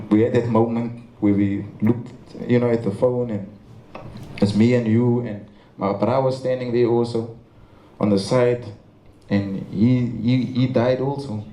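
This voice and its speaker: A man's voice: mid-range voice, warm tone, a little hiss or hum. A young South African man with a Cape Town accent gives a memorial tribute speech. He tells his stories earnestly and stumbles over his words now and then. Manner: earnest storytelling with stammers. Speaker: memorial speaker. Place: large memorial venue. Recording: echoey hall with faint ambience.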